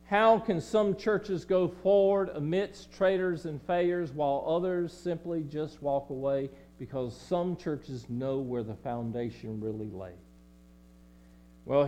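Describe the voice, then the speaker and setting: A pastor with a Southern accent preaching a sermon in a church, swinging between loud emphasis and quiet, low passages. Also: male voice. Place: church sanctuary.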